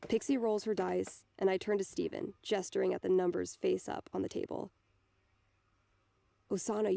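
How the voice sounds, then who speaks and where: A woman reading a first-person novel aloud in a steady storytelling manner. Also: mid-range voice, gravelly, dry recording. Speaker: audiobook narrator.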